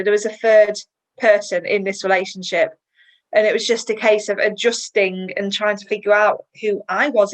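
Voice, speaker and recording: A woman, a guest in a personal interview, chatty and emotional and quick to laugh. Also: mid-range voice, rough recording.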